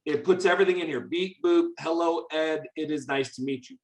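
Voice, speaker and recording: A man's voice: on the high side, a bit bright. Upbeat male teacher, echoey room. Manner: upbeat, chatty, talks while typing. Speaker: teacher presenting a coding workshop. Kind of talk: teaching demonstration.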